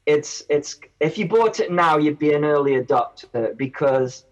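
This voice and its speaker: Guy on a podcast, kinda high voice, rambly, keeps restarting. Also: animated, normal speed, muffled recording. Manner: rambling, self-interrupting. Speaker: guest reviewer. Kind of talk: casual podcast chat.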